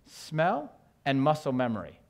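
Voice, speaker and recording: A man from New York giving an animated conference talk on stage, joking with the audience and asking it questions. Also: mid-range voice, unhurried, vocal fry. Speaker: education speaker.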